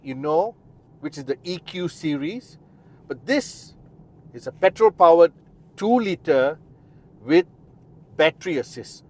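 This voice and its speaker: A man giving a chatty, explanatory car review, talking straight to the viewer beside and inside the car. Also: fairly high pitch. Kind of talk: casual car review walkaround.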